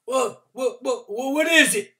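A timid old man, as a male reader puts him on stammers and repeats himself in a raised, squeaky voice. His storybook voice sounds bright and anxious. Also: unhurried, heavily acted. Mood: flustered.

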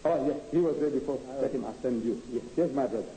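Taking questions from the audience at a public lecture, a man speaks quickly in a mellow, mid-range voice, combative and emphatic as he rattles off rhetorical questions. It's an archive tape of an echoey hall with a faint hiss of noise.

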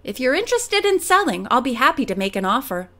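A woman's voice: sits high, big pitch swings, quick pace, fairly bright tone, full character voice. A woman reading as a courteous older jeweler. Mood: obliging. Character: middle-aged male jeweler, courteous and precise.

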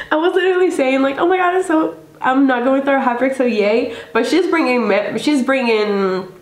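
A woman's voice: high-pitched, normal speed. A young woman hosting a casual music reaction video, gushing and effusive, filling her talk with "like" and "literally.". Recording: echoey room with music playing. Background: faint music.

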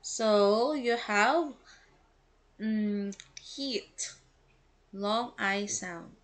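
A woman teacher, going through test answers slowly and explaining each one, mixing English with Cebuano. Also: medium pitch.

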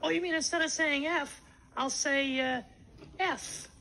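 A man voicing a cheeky, eager young boy ventriloquist dummy in a high, pinched voice on a scripted lesson record. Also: steady tone, moderate pace, vocal fry, sharp tone, slight background noise, exaggerated voice, poor audio. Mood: chirpy. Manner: chirpy, wisecracking, eager to try.

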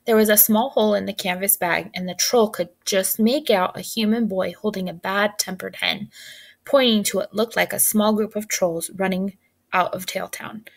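A woman narrating a children's storybook in a gentle, clear read-aloud delivery. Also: medium pitch, fairly even intonation, normal speed.

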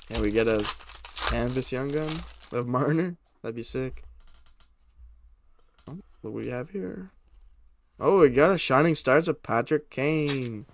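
A man's voice: medium pitch, a little hiss or hum. Chatty young man opening card packs. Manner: excited, chatty, talks to viewers. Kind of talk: casual pack-opening commentary.

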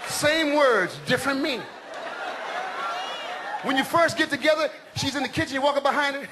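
Middle-aged male stand-up, very high voice, loud live crowd laughing behind him. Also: moderate pace, background noise. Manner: loud, animated, shouting punchlines. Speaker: stand-up comedian. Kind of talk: stand-up comedy routine. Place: large comedy stage before a live audience.

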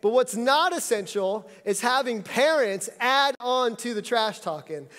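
A man in his thirties delivers a sermon with a notably high voice, joking and telling stories in a loose, conversational way. His words carry through a church hall with a long echo. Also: animated, measured pace, a bit bright. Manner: humorous, conversational storytelling. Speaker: pastor.

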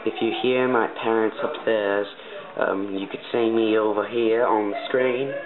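A man's voice: lowish voice, steady tone, unhurried. A young man from Canada in a put-on British accent, giving rambling let's-play commentary full of ums and panicky yelps. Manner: panicky yelps when chased in game. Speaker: gaming commentator. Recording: tinny lo-fi mic.

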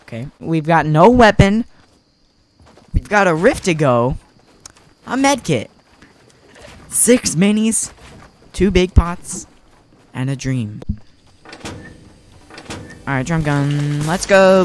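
A young man giving casual, excitable commentary on his own gameplay, self-mocking and prone to repeating himself. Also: a little high, slow pace, pauses often, slight background noise. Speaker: gaming YouTuber.

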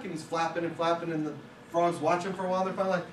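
A man's voice: a little high, very fast, reverberant. Brief: male guest speaker, casual anecdotal lecture, distant mic, faint room hum. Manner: conversational, anecdotal. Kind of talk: classroom lecture with stories. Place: film school classroom.

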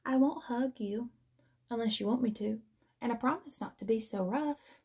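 A woman's voice: on the high side, normal speed, a little mellow, slightly rough. A woman voicing an eager, clumsy young male hippo in a children's storybook reading, with an earnest, pleading manner.

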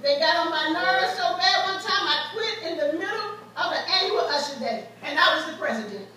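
A woman preaches with mounting fervor, weaving stories from her own life into the sermon. Her voice sits very high and rings bright and forceful. It carries through a very echoey church and is picked up from well away from the mic. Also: animated, brisk, recorded from a distance, slight background noise. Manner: preaching with rising fervor, storytelling. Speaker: guest preacher. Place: church sanctuary.

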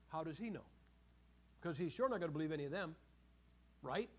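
A man preaching a sermon in an animated storytelling way, asking his listeners questions and acting out the voices of the people in the story. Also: on the high side, fast talker, long pauses, husky. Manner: animated storytelling, asks the audience questions, acts out quoted voices.

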